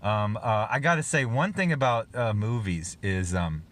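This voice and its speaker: A man's voice: on the low side, expressive, normal speed, a bit bright. A man casually reviewing a film on his own channel, rambling with lots of fillers and restarts and chuckling as he talks.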